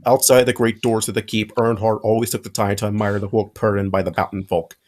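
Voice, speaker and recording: A man's voice: lowish voice, flat delivery, a little fast, a little mellow. A man narrating a fanfic aloud with friends, in a casual reading with occasional slips.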